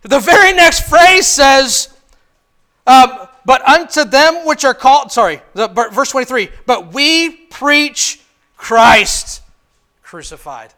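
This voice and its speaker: A man preaching in church with a very high, bright and forceful voice. He swings between hushed passages and loud, shouted ones, and keeps putting questions to the congregation. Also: animated, takes it slowly. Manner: asks the congregation many questions. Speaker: pastor. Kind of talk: sermon.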